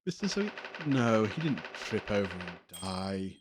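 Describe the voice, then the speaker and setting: A man's voice: on the low side, sing-song, measured pace, noisy background, pitched below the performer's own voice. A man voicing a frightened young woman witness, stammering and timid. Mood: pleading.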